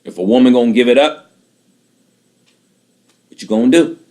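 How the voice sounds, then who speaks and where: A man's voice: mid-range voice, moderate pace, darkish tone. A man in his late thirties giving a bitter, aggrieved personal monologue, repeating himself and swearing often. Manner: bitter, aggrieved, repetitive, profane.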